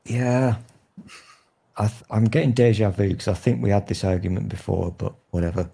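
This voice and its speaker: A man's voice: lowish voice, steady tone, moderate pace, creaky, dark tone, slight background noise. A man in his thirties with a Northern English accent, chatting casually, swearing freely and teasing himself and others. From Northern England. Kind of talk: casual chat.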